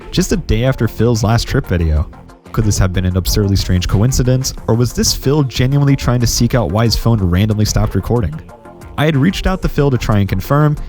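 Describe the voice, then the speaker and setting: A man narrating a scripted gaming history video in a steady, explanatory way. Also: medium pitch.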